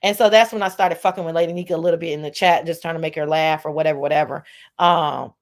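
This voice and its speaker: A woman's voice: sits low, steady tone, fast talker. A woman hosting a casual online chat show, talking in a sarcastic, blunt and profane way. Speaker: show host.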